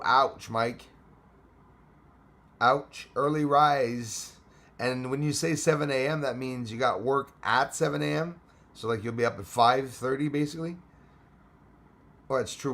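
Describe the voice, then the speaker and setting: With a slightly bright mid-range voice, a middle-aged man hosts a relaxed live stream. He's chatty, reading viewer comments full of fillers, with the odd cough along the way.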